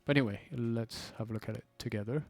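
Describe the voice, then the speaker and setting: A man's voice: medium pitch, quick pace, gravelly, dry recording. A man hosting, chatting casually through a board game setup. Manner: relaxed, chatty, with fillers. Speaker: host.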